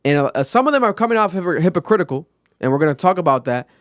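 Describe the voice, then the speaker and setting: A man co-hosting a podcast, commenting casually and reasoning his points out loud. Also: a little high, rapid-fire, no echo, studio quality. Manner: animated, talks through points out loud. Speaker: podcast co-host.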